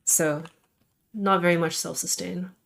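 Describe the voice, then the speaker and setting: A woman's voice: lowish voice, fairly even intonation, unhurried, creaky, a bit bright. Chatty young woman streaming. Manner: chatty, rambling, self-deprecating. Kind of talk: casual stream chat.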